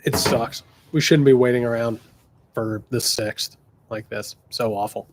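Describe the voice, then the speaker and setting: Hosting a casual livestream where viewers send political questions, a commentator speaks in a steady, unhurried, mid-range voice. He's blunt and fired up, cursing and hammering phrases through repetition, and he adopts mocking voices to quote others.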